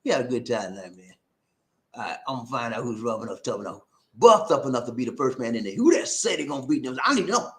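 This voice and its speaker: A man hosting a casual livestream, animated and breaking into sung catchphrases. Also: medium pitch, quick pace, reverberant. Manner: animated, sings and shouts catchphrases. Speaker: livestream host. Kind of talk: casual live chat. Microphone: new noise-reducing mic.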